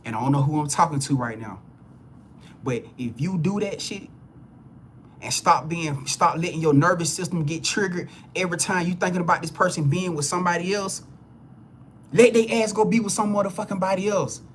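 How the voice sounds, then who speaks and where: A man with a high-pitched voice, speaking as a spiritual reader on a live stream. He talks bluntly and profanely in a preachy way, often restarting and repeating words for emphasis. Faint noise sits under his voice. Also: fairly quick, a bit bright. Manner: repeats words and restarts phrases when heated. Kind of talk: live reading to viewers.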